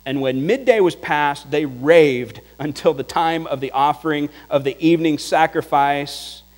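Animated preacher with a high voice in a reverberant hall. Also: male voice, unhurried. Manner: animated, chuckling storyteller, drops to a hush for prayer. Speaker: pastor. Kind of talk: sermon.

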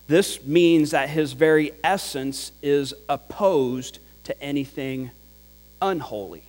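Male pastor, measured teacherly sermon delivery, unhurried, recorded in a reverberant hall with a low hum. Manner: teacherly, explains with examples and repeats for emphasis.

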